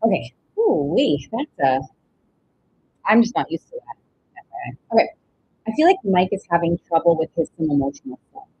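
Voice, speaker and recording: A woman doing a live-stream tarot reading, chatty, with breathy pauses and drawn-out exclamations. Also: lowish voice, sing-song. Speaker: tarot reader. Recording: dull lo-fi stream audio with faint noise.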